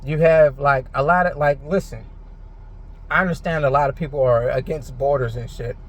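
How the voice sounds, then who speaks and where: A man's voice: mid-range voice, steady tone, normal speed. A frustrated man ranting in a rambling, heated monologue, full of filler words and swearing. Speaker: vlogger. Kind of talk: unscripted monologue to camera.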